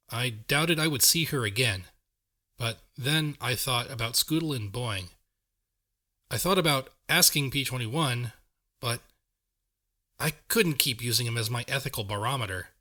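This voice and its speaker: A man narrating a story in the first person, reading in a measured, steady way. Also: mid-range voice. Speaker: audiobook narrator.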